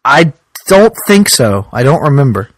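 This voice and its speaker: A man co-hosting a podcast in casual chat, with a dry, deadpan, grumbling manner. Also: mid-range voice, a little slow. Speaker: podcast co-host.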